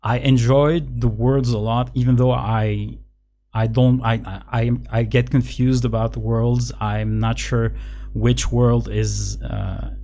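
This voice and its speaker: A father chatting casually, halting often with fillers and restarts. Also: medium pitch, level tone, warm tone. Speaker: parent, podcast co-host. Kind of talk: casual chat.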